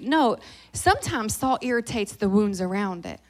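Fast-talking Southern woman preacher. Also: mid-range voice. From American South. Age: 30s. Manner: lively, joking, fast-talking; drops to a hushed voice in prayer. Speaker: guest preacher. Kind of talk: sermon.

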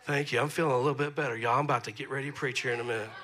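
A man, preaching a sermon as pastor, moving between soft asides and loud emphasis. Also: mid-range voice, steady tone, very fast. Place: church sanctuary.

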